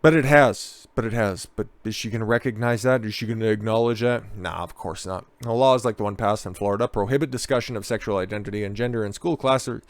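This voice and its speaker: A man's voice: fairly low pitch, fairly even intonation, fast talker, hardly any pauses, no echo. A man ranting sarcastically about politics in a casual, profane, dismissive way. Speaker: political commentator.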